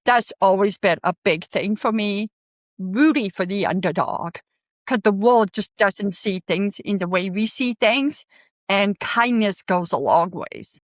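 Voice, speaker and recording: A woman's voice: mid-range voice, unhurried, no room sound, studio quality. A woman guest in a casual interview, speaking earnestly and candidly and laughing easily. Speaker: podcast guest, forest bathing guide.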